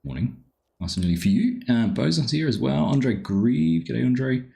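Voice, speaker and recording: A man's voice: medium pitch, lively intonation, moderate pace, gravelly, dark tone. A man chatting on a live game stream, greeting viewers by name and easily sidetracked. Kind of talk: casual live-stream commentary.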